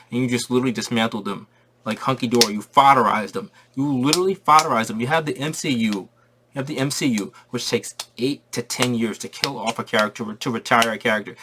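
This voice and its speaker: A man giving a casual spoiler review of a movie, excitable and slangy, repeating his points for emphasis. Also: mid-range voice, background noise.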